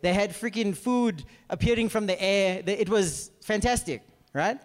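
A man's voice: high-pitched, normal speed. A man preaching a sermon, acting out scripture characters and asking the audience to follow. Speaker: pastor. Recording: reverberant hall.

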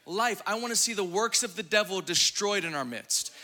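A man preaching a fiery, exuberant sermon, at times shouting and laughing. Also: high-pitched, animated, moderate pace. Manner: acts out quoted voices in his preaching.

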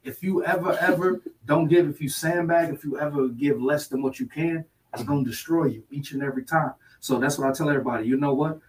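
A man's voice: fairly high pitch, brisk, few pauses, slight background noise. Motivational man preaching from the mic's distance. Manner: preachy motivational, repeats sayings. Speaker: guest. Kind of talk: casual podcast talk.

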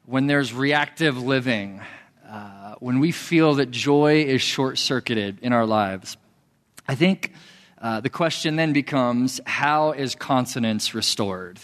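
A man's voice: mid-range voice, slow pace, a bit bright, long reverb tail. A young man preaching a casual sermon, candid and self-mocking, speaking conversationally to a group. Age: young adult. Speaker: pastor.

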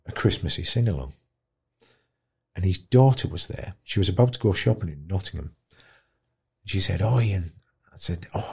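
A man speaks with a deep, husky, mellow voice. He tells his story with feeling, lively one moment and hushed the next. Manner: animated, emotional storyteller, drops to a hush at tender moments. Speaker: guest musician in care.

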